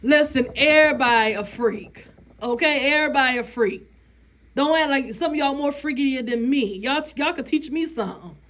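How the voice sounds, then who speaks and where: A woman's voice: high-pitched, normal speed, fairly bright tone. A woman vlogger, giving blunt, profane opinions in a casual rant and laughing often.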